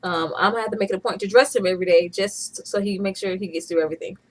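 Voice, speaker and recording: Talking rapid-fire in a medium-pitched voice, an Atlanta vlogger in her thirties chats casually and playfully in a home video blog. She laughs in bursts, and the audio quality is poor.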